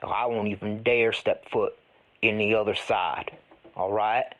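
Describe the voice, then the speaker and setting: A man playing an eccentric, folksy ghost hunter who tells rambling stories with deadpan earnestness in an improvised comedy interview. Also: fairly low pitch, unhurried, dull audio. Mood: mournful.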